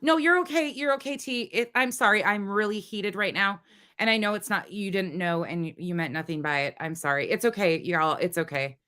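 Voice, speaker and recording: A woman's voice: medium pitch, a little fast, bright, forceful tone. A woman hosting a livestream, talking to her chat in a heated, swearing, casual way. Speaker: livestream host.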